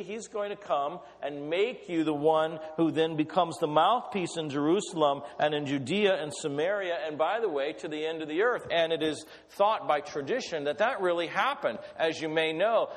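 A man preaching a sermon, telling Bible stories in a conversational way and acting out the voices of the characters. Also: on the high side. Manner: storytelling with acted voices, conversational. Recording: long reverb of a hall.

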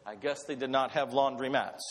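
A man preaching a sermon, reading scripture and breaking off for animated asides and self-corrections, in a church hall. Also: mid-range voice, fairly quick. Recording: long hall reverb.

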